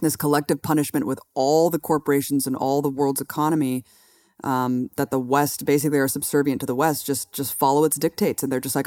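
A woman's voice: extremely low pitch, flat delivery, fairly quick, warm tone, dry recording. Woman going off on politics, blunt and fired up, swears, dry sound. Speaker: co-host. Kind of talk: casual political commentary.

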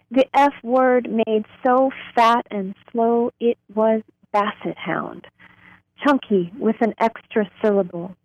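A woman poet on a radio show, reading her own poem slowly and deliberately, drawing out words. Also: medium pitch, no room sound, poor audio. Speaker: poet guest. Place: radio studio.

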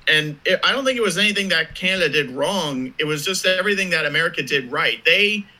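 A man's voice: fairly high pitch, lively intonation, quick pace, bright, forceful tone, poor audio. A man co-hosting a casual sports podcast, reeling off statistics and facts. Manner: fact-driven, quotes stats, acts out reactions. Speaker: podcast co-host.

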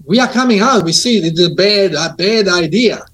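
Man, high voice, earnest storyteller, halting restarts. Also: lively intonation, a bit bright. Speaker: guest. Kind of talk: casual conversation.

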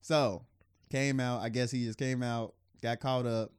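A man cohosting a casual podcast chat, swearing freely and laughing often, sometimes loud, sometimes mumbling. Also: mid-range voice, fairly even intonation, measured pace, smooth, no echo, clean studio sound. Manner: loose and profane, laughs often, drifts between loud and mumbled. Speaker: podcast co-host.

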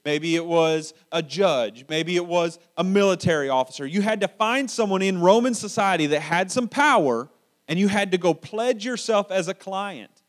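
A man with a notably high-pitched voice delivering a sermon. He talks in a relaxed, conversational way, often stumbling and repeating words while he finds his phrasing. He sounds middle-aged and paternal. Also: moderate pace. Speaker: pastor.

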